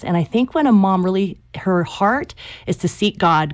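A woman's voice: mid-range voice, expressive, moderate pace. A woman who is an author and guest in an interview, speaking earnestly and with emphasis as she gives faith-based advice. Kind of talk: conversational interview.

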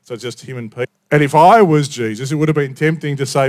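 Man preaching, somewhat high voice. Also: fast talker, few pauses. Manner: conversational storytelling, stammers on restarts, drops quiet for emphasis. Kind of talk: sermon.

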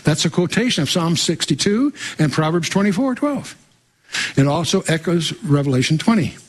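A man's voice: fairly high pitch, expressive, moderate pace, husky. A man teaching verse by verse through the Bible, reading scripture aloud and breaking in with wry asides and quizzing questions to his listeners.

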